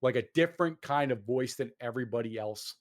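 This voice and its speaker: A man's voice: medium pitch, brisk. A man hosting a casual gaming chat, ranting with lots of swearing and fillers.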